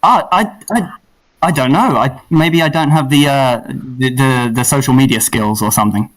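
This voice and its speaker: A man's voice: mid-range voice, normal speed, distant mic, poor audio. A man, a songwriter guest in a casual chat, playful and self-deprecating. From England.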